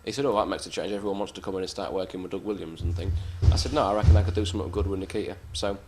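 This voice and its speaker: A man with a fairly low voice spins wrestling stories in a loose, casual way. He is blunt and swears freely, often poking fun at himself. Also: steady tone, racing, noisy background. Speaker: professional wrestler interviewee. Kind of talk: casual anecdotal storytelling.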